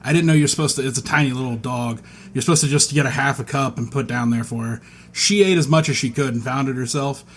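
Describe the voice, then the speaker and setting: A man's voice: medium pitch, quick pace. A man co-hosting a podcast, telling a crude story in a blunt, joking way. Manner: blunt, joking, loud outbursts. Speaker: podcast co-host. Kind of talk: casual profane podcast chat. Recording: faint background noise.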